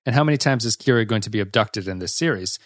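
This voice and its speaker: A man's voice: fairly low pitch, animated, fast talker, no room sound, clean studio sound. A man co-hosting a podcast, critiquing an episode in casual chat with a wry, sarcastic edge. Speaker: podcast co-host.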